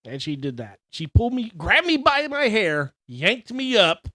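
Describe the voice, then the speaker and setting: Animated joking man, dry close sound. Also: high-pitched, normal speed, dry recording. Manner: animated storyteller, exaggerated jokes, swears freely. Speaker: podcast co-host. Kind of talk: casual chat.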